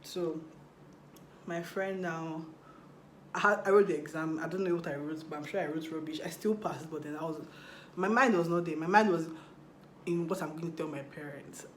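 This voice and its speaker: A woman's voice: sits low, moderate pace, slight background noise. Chatty young woman in an echoey room. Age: young adult. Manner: chatty, animated retelling with acted quotes. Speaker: vlogger. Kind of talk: storytime vlog while doing makeup.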